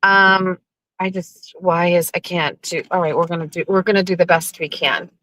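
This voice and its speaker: A woman's voice: fairly low pitch, fairly even intonation, moderate pace, fairly bright tone, no room sound, rough recording. A middle-aged woman hosting a casual livestream from her car, chatty, greeting viewers over and over with rambling asides. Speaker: livestream host. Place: car, driving.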